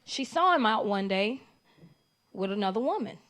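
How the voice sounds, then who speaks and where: A woman doing live stand-up comedy in an animated, conversational way, playing to the audience. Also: mid-range voice, moderate pace.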